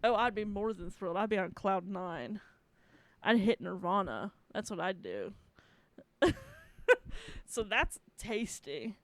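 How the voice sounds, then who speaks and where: A woman's voice: mid-range voice, lively intonation, takes it slowly, long pauses, dry recording. A woman hosting a casual solo podcast, gushing, swearing freely and laughing often. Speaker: podcast host.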